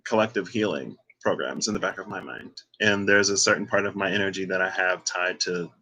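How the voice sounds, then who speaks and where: A lower-pitched man with a bright, forceful tone reads tarot cards on a casual livestream. He talks in a loose, chatty way and drops sassy little asides as he goes. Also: brisk, low-quality recording. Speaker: tarot card reader. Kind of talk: casual livestreamed card reading.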